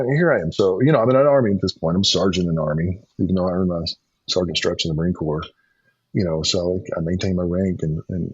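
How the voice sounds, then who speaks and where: A man's voice: deep voice, slightly rough, dry recording. A middle-aged man telling a personal faith story in conversation, earnest, with frequent restarts and ums. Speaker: podcast guest. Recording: dull lo-fi sound.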